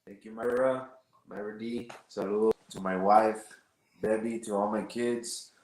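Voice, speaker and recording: A male musician guest giving casual shout-outs in an earnest, excited tone, mixing in Spanish fillers. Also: on the low side, measured pace, reverberant, a little hiss or hum, poor audio.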